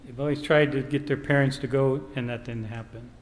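A man's voice: mid-range voice, fairly even intonation, a little fast. A man preaching a sermon, telling a family story and quoting scripture in an earnest way. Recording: reverberant hall, faint background noise.

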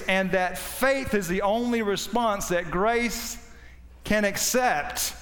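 A man preaching a sermon with passion, his voice swinging between loud high peaks and low quiet stretches. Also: slow pace, in a large hall. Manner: impassioned, rising and falling in pitch and volume.

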